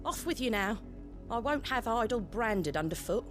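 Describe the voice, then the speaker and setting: A woman's voice: a little high, expressive, moderate pace, faint music behind, lightly acted. An actress playing a scornful, dismissive village woman in a video game. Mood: sneering. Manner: sneering, dismissive. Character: scornful older village woman, rude and cold.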